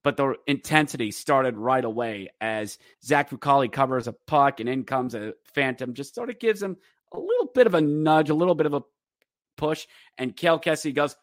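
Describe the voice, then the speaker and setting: A man hosting a podcast, giving a rambling, animated casual recap of a hockey game. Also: mid-range voice, moderate pace, no echo, studio quality. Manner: rambling and animated, breaks into acted quotes. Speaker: podcast host.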